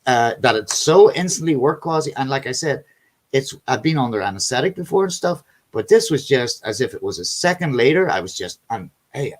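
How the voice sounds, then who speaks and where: A man's voice: medium pitch, expressive, fairly quick. Rambling, cussing male chat host. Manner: rambling storyteller, swears freely, calls people buddy and man. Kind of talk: casual chat.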